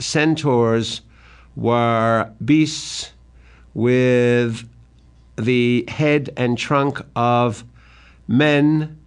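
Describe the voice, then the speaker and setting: A man giving a literary lecture in a deliberate manner that swells with drama whenever he quotes verse. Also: medium pitch. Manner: deliberate, rising dramatically when quoting verse.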